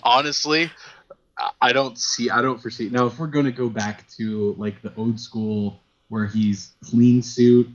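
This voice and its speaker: On this podcast, the male co-host talks in a casual, hesitant way and keeps restarting sentences. He has a medium-pitched, steady voice and speaks a little slowly, with no room sound and the highs cut off.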